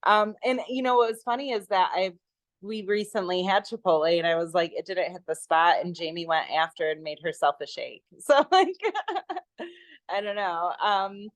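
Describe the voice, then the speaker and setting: A woman's voice: medium pitch, no room sound. A woman chatting on a video call, enthusiastic and rambling with many fillers. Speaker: guest sharing her product story. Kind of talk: casual chat on a video call.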